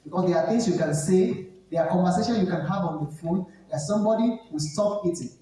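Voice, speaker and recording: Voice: medium pitch, brisk, mellow. A speaker with a Nigerian accent giving an emphatic, instructive seminar talk to students, repeating key points. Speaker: etiquette trainer. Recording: echoey hall, speaker far from mic.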